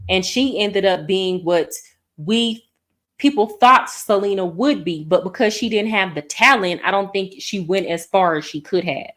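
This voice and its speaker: A woman's voice: medium pitch, normal speed, fairly bright tone. A woman hosting her own show, chatting and giving her opinions on the topic. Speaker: host. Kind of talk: commentary on a show.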